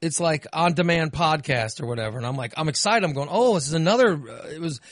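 A man hosting a podcast, chatting casually and ranting with animated, profane energy. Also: a little high, fairly quick, no echo, clean studio sound. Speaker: podcast host.

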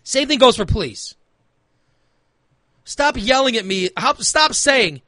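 A man's voice: very high-pitched, expressive, slow, pauses often, bright, forceful tone, no room sound. A man hosting a talk radio show, ranting in a heated, emphatic way and repeating phrases for emphasis. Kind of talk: opinionated talk radio rant.

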